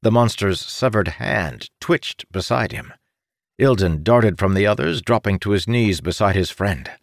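A man narrating a fantasy story as an audiobook reader, in a dramatic, expressive read that leaps up for the characters' shouts. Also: lowish voice, unhurried, vocal fry, dry recording, studio quality.

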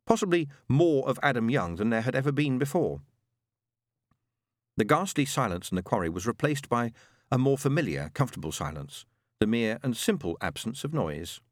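A man narrating a novel as an audiobook with expressive, dramatic storytelling. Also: mid-range voice, normal speed, no room sound, clean studio sound.

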